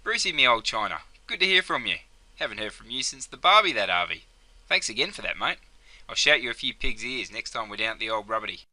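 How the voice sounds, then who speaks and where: A man's voice: medium pitch, big pitch swings, fast, bright, forceful tone, voice pushed down. A man putting on a cheeky freeloading Aussie mate. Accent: Australian. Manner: chummy, full of Aussie slang.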